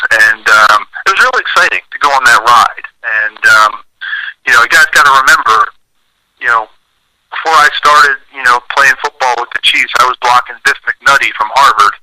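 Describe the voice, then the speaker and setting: Guy in his 40s rambling thru old football stories, really bright tense voice, lots of um and you know. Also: mid-range voice, low-quality recording. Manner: chatty anecdotal storyteller with many fillers. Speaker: guest, former pro football lineman. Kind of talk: casual storytelling interview.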